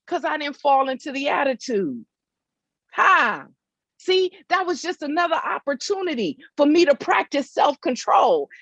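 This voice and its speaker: A woman's voice: high-pitched, a bit bright, no room sound. Woman, motivational speaker, emphatic, repetitive, lo-fi dry sound. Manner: emphatic, repetitive, checks in with listeners. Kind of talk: faith-based motivational talk. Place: outdoors in hot weather.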